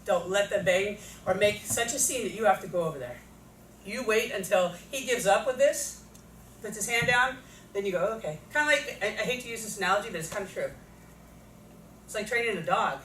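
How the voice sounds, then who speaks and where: A woman's voice: medium pitch, brisk, fairly bright tone. A woman training teachers at a workshop, talking conversationally and acting out what students and teachers say. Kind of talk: workshop presentation. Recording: echoey room from far off, noisy.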